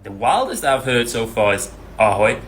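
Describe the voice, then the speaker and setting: A man's voice: mid-range voice, lively intonation, moderate pace, fairly bright tone, a little hiss or hum, low-quality recording. A Swiss man with a Swiss Italian accent, talking to camera in a puzzled, rambling way and asking viewers for help. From Switzerland. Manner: puzzled, rambling, asks the audience directly. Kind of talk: casual to-camera monologue.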